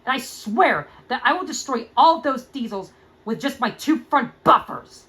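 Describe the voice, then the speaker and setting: A woman's voice: on the low side, sing-song, normal speed, fairly bright tone, rough recording. A woman voicing a fiery young female pony sorceress in a fan-made audio drama, speaking heated and indignant. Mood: angry.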